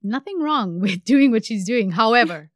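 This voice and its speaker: A woman from India hosting a podcast, telling a true crime story in an animated, conversational way. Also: a little high, moderate pace, no echo, clean studio sound. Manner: animated, conversational, trailing off at phrase ends. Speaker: podcast host.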